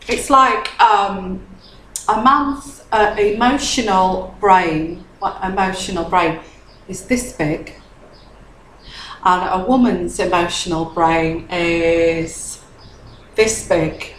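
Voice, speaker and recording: Woman tarot reader, a little tipsy, slow-paced chatty delivery, repeats herself, echoey room, faint hum. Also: fairly low pitch, a bit bright. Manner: chatty, repeats phrases, frequent "okay?". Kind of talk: casual tarot reading.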